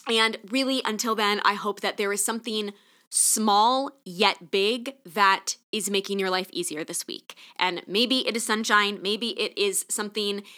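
A middle-aged woman hosting her own podcast, talking in an enthusiastic, chatty way. Her voice has a bright, forward tone at an ordinary pitch for a woman. She sounds emotionally open and earnest. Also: a little slow. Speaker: podcast host. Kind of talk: solo podcast monologue.

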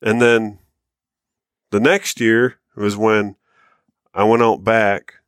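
An American man telling a long hunting story in casual podcast chat, acting out quotes with bursts of excitement. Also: takes it slowly, clear, resonant tone, no room sound, clean studio sound. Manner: animated storyteller, rises high and loud when acting out quotes. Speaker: podcast co-host.

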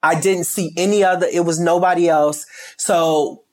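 Interview guest: a stylist from Chicago with a Chicago accent, emphatic and rambling. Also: male voice, fairly high pitch, fairly even intonation, normal speed, darkish tone. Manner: emphatic, rambling with many restarts. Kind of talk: candid interview talk.

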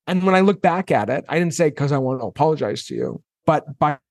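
A man in his thirties, a guest on an interview podcast, telling his story in a casual, animated way and acting out his own past reactions. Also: a little high, fast, creaky, no echo, clean studio sound.

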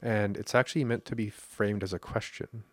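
With no echo, a lowish, steady-toned voice belongs to a Canadian man hosting a casual podcast at normal speed. His conversational talk rambles, with restarts and plenty of laughter.

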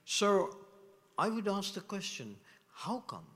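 Bright-voiced preacher in a reverberant hall. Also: male voice, sits high, slow. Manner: animated preaching with rhetorical questions, swinging between loud and hushed. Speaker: pastor. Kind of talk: sermon. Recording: long reverb of a large hall.

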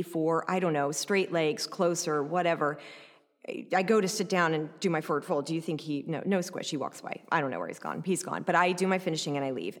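A woman recounting a personal story in an animated, conversational way, often adding "like" and "right?". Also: low-pitched, long reverb tail.

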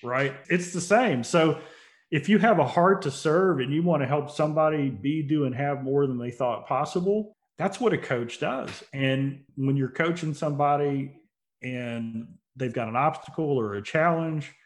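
A man's voice: on the high side, moderate pace. Earnest man telling stories. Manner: earnest storytelling, self-reflective, builds to emphatic points. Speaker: interview guest, motivational speaker and company CEO. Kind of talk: casual conversational interview.

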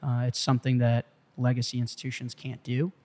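A young man, a startup founder being interviewed, telling a story in an animated way and swearing freely. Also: medium pitch, brisk. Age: young adult. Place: studio in Malibu.

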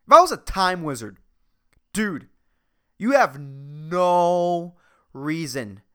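Woman podcast host, solo comedic rant, foul-mouthed, very animated delivery. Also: sits low. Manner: profane, ranting, exasperated; rambling, with restarts and filler.

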